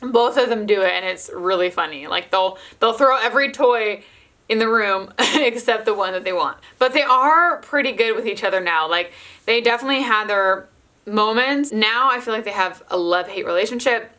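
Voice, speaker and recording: A woman's voice: medium pitch, moderate pace, sharp tone. A young adult woman, a mother of toddlers, chatting casually to camera and filling her speech with "like". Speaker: mother of toddler twins, vlogger.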